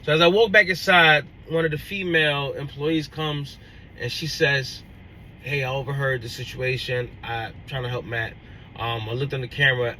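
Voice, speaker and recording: A man's voice: medium pitch, a little hiss or hum, low-quality recording. A young man, a truck driver, telling a story in a casual vlog and acting out each side of the conversation with lots of restarts. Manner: animated retelling, acts out dialogue, many restarts. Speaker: owner-operator truck driver.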